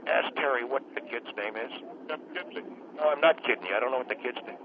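An actor playing a cranky old grandfather and retired courtroom lawyer who calls a radio show, rambling, losing his words and clearing his phlegmy throat. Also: medium pitch, fast, close to an everyday voice. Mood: grumbling. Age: older. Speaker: radio caller. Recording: tinny phone line with faint hiss.

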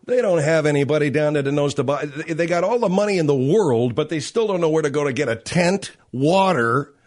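A man hosting a talk radio show in a blunt, profane rant. His voice sits a little high and swings widely in pitch. The monologue is loose and opinionated. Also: expressive, brisk, darkish tone.

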